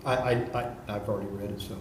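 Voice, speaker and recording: A man's voice: mid-range voice, fairly even intonation, quick pace, a little hiss or hum. A male interviewer asking questions hesitantly, with restarts. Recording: distant mic in a very echoey room.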